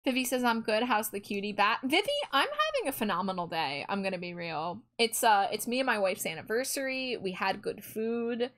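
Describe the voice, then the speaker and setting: A woman's voice: mid-range voice, expressive, a little fast, hardly any pauses, fairly bright tone. A woman hosting a live stream, chatting casually with viewers and reading their messages in a bubbly, giggly way. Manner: bubbly and giggly, reads chat aloud. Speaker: livestream host. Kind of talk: casual chat with viewers while drawing.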